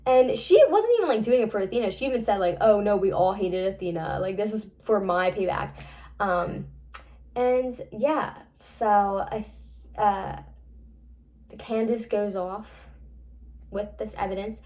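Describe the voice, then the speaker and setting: A woman's voice: medium pitch, animated, unhurried, mellow. A young woman casually recapping a novel's plot, rambling with lots of fillers and frequent swearing. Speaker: book reviewer.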